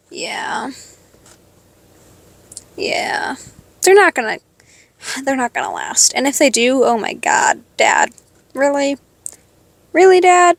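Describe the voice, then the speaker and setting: An eighteen-year-old woman venting to her followers in a profane, sarcastic rant, jumping between loud outbursts and quiet mutters. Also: sits high, expressive, takes it slowly, creaky, long pauses, no room sound. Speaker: vlogger. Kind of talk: venting to camera.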